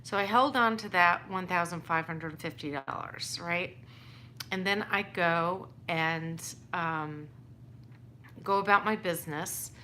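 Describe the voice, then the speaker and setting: A woman's voice: on the low side, takes it slowly, bright, forceful tone, slight background noise. A woman telling a personal story in a casual, rambling way, exasperated and restarting often.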